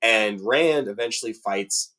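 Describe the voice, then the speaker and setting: Fired-up man ranting, pitch rising. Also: unhurried, bright, forceful tone. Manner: heated, rising to high-pitched indignation, many fillers. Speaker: book fan commentator. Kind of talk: casual rant about a TV adaptation.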